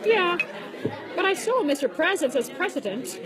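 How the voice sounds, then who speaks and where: A woman's voice: very high-pitched, big pitch swings, normal speed. A woman working as sound engineer at a banquet, chatting casually and laughing while trying not to cry. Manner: emotional, laughing, fighting back tears. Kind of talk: casual chat. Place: large banquet hall. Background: crowd chatter.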